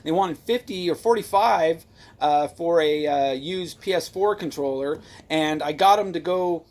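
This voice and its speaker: Man, gravelly voice, blunt, profane, casual gaming chat. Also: a little high, unhurried, a little mellow. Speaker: co-host.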